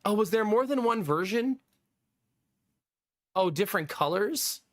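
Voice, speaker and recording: A man livestreaming and chatting casually with his viewers, laughing often and teasing, his voice gruff from being sick. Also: high-pitched, animated, a little slow, no room sound, studio quality.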